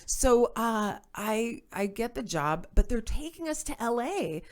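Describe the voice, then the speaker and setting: A woman from New York, a guest comedian, telling stories on a podcast in an animated, profane way. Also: fairly high pitch, unhurried. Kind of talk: casual podcast chat.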